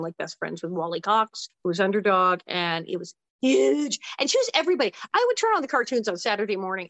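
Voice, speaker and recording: A woman's voice: medium pitch, no echo. Chatty older woman telling stories. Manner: animated, quick asides and acted-out quotes. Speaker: interview guest. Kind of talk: casual storytelling.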